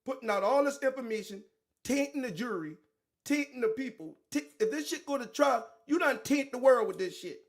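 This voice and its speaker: A man hosting a commentary show, reacting to a played clip in loud, mocking street slang, riffing and repeating himself. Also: very high voice, lively intonation, brisk.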